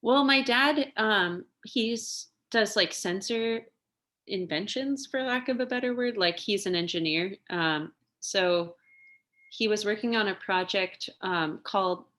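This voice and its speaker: A young woman telling stories in a casual interview, chatty and quick to laugh, with plenty of fillers. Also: medium pitch, fairly bright tone. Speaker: interview guest, singer and lawyer.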